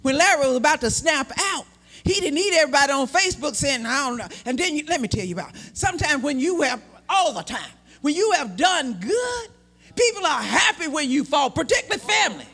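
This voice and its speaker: A man preaching a sermon, shouting and stretching out words for emphasis and acting out the people in his story. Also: extremely high pitch, big pitch swings. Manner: shouting, drawn-out emphatic preaching with acted-out voices.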